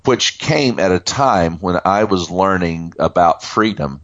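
Deep-voiced man in his sixties, chatty. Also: lively intonation, a bit bright, no echo, highs cut off. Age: 60s. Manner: chatty, laughing, with fillers and pauses. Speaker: podcast co-host. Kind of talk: casual chat.

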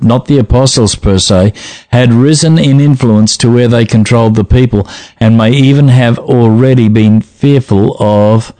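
A man's voice: medium pitch, mellow, no room sound, poor audio. A man co-hosting a Bible talk show, reading listener letters with a teasing, playful manner.

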